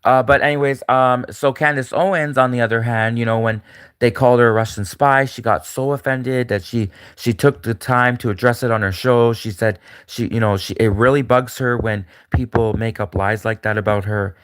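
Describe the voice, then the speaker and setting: A man's voice: medium pitch, steady tone, normal speed, a bit bright, smooth, no room sound. Male solo commentator, rambling and repetitive with lots of fillers, dry close mic. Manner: rambling, repetitive, frequent fillers and restarts, mocking put-on voices.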